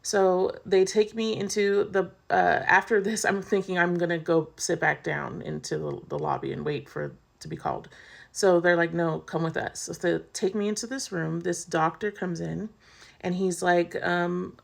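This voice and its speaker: A woman's voice: lowish voice, fairly even intonation, normal speed, gravelly. A woman vlogger candidly telling a personal story in a casual, chatty way, full of "like".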